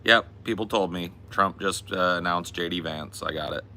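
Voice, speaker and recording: Young male streamer, deep and gravelly but bright-edged, laid-back rambling chat. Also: normal speed. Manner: loose, rambling, sprinkled with laughs and filler. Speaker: live streamer answering chat. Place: outdoors in hot weather.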